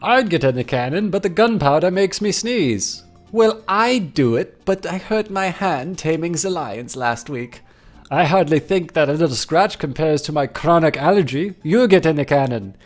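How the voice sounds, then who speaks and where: A man's voice: fairly high pitch, expressive, moderate pace, faint music behind, voice pushed up. A man voicing two quarrelsome circus acrobat brothers from a game, with a put-on Italian accent and hammy showman patter. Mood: bickering. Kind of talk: reading game dialogue aloud in character.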